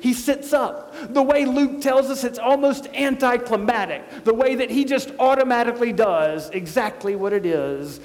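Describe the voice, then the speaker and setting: A male pastor preaching a sermon with passion, swinging between soft, slow phrases and quick ones. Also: extremely high pitch. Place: church sanctuary. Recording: long reverb of a church sanctuary.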